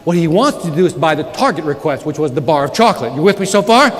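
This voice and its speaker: A man giving a live motivational sales keynote, telling stories with sudden loud outbursts. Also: on the high side, animated, fast. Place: large conference hall with audience. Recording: reverberant hall, audience noise.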